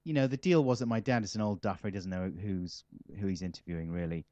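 A man's voice: fairly low pitch, quick pace, warm tone, no room sound. This man talks in a loose, rambling way, full of self-mockery and dry wit. He answers interview questions casually as a comic guest. The recording is slightly dull and dry. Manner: rambling, self-mocking, wry. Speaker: comedian interviewee.

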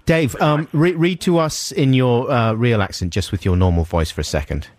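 A man's voice: medium pitch, normal speed, a little mellow. A man co-hosting a radio show in playful banter, laughing often and drawing out his questions. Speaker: radio co-host.

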